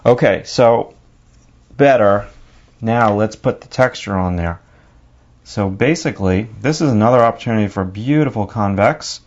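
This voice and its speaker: A man's voice: lowish voice, normal speed, dull audio. A man with a New York accent narrating a drawing lesson, talking casually and thinking aloud as he works. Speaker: drawing teacher.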